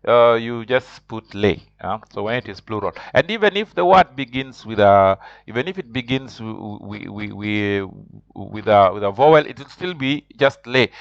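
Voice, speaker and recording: Halting low-voiced man teaching French. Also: no room sound. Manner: halting, many fillers and restarts, asks "huh?" often. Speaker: language teacher. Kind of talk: online French lesson. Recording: slightly dull lo-fi recording.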